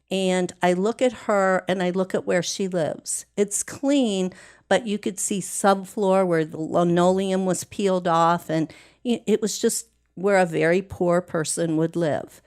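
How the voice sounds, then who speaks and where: A woman, a guest, telling a personal story slowly, deliberately and earnestly. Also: on the low side, smooth.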